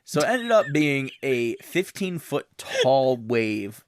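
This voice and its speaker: A man's voice: mid-range voice, sing-song, slow pace, no echo, studio quality. A man from the American Midwest co-hosting a comedic history podcast, loose and casual, swearing and laughing often. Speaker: podcast co-host.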